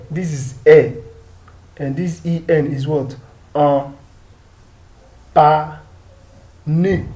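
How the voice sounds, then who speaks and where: A man's voice: fairly high pitch, warm tone, low-quality recording. A man with a Nigerian English accent teaching French pronunciation, patiently drilling words and asking rhetorical questions. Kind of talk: pronunciation lesson.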